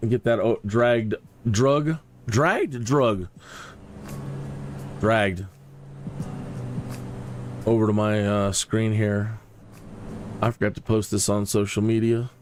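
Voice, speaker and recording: A man's voice: on the low side, takes it slowly, pauses often, background noise. Rambling male game streamer. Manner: rambling, jokey, with many fillers. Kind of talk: casual live-stream commentary.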